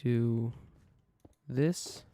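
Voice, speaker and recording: A man's voice: medium pitch, very slow, warm tone, no room sound, clean studio sound. A man live-streaming a building game, chatting casually and thinking aloud to himself as he works.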